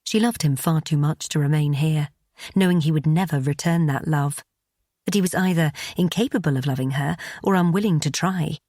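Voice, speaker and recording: Woman narrator, audiobook, measured delivery, husky, dry close recording. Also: low voice, mellow, no echo.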